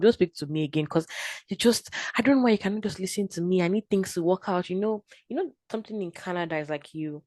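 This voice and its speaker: Low-voiced woman, guest on a faith podcast, lively testimony, dry close sound. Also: dry recording. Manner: animated storytelling, acts out her own quotes. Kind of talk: casual testimony chat.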